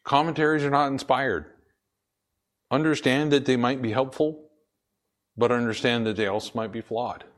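A man preaching a sermon emphatically, slowing down to stress his points and asking questions that he answers himself. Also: medium pitch, steady tone.

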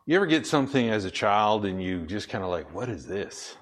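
Guy preaching a sermon, lowish voice, slows way down to hammer points, asks then answers. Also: sing-song.

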